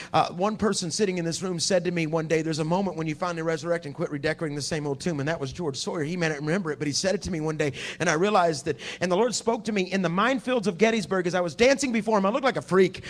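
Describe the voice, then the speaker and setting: A man preaching a sermon at a conference, dropping to a hush and then rising to shouting. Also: high-pitched. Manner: swings from hushed to shouting preaching. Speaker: pastor. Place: conference hall.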